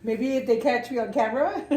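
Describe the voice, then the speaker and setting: A woman's voice: fairly high pitch, a little mellow. A woman telling stories in a casual chat, laughing often and swearing freely. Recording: echoey room.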